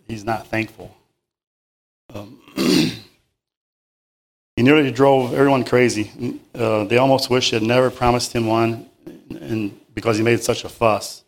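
A man reading a children's story aloud to a group, halting and stopping to paraphrase and moralize. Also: medium pitch, fairly even intonation.

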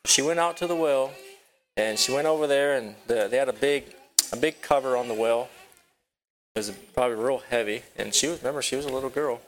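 A man teaching a children's Bible lesson at a rural property with a barn. He tells the story haltingly, repeats his words and asks the children questions. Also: medium pitch, noisy background.

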